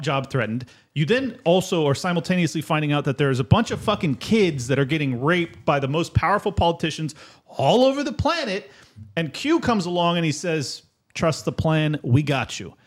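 Podcast guy ranting fast, cusses a lot, slightly high voice. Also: lively intonation. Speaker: podcast co-host. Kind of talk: casual podcast chat.

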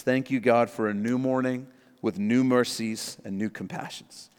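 A man preaching a sermon as a pastor, moving from emphatic points down to soft, prayerful quoted prayers. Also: medium pitch, expressive, measured pace, smooth, long reverb tail.

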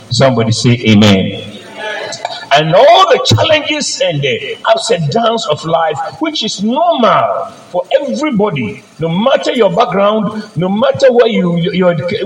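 Man preaching in an echoey church. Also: sits high. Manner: personal storytelling, calls for amens. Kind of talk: sermon. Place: church service.

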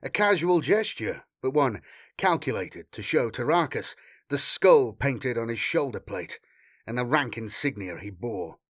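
A man narrating an action story with dramatic, expressive delivery. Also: medium pitch, a little slow, no room sound, studio quality. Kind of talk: audiobook narration.

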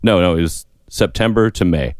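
A man's voice: low-pitched, normal speed, no echo, clean studio sound. A young man co-hosting a podcast, talking in a rambling, chatty, self-deprecating way. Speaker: podcast co-host. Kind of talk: casual chat.

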